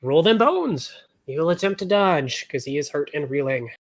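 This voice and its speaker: A man's voice: fairly high pitch, lively intonation, moderate pace. A man narrating a tabletop role-playing session as game master, casual and often laughing.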